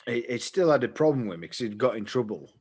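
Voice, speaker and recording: A man's voice: medium pitch, lively intonation, quick pace, a little mellow, husky. A young man, casually telling a long story on a podcast, rambling and swearing freely. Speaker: podcast co-host.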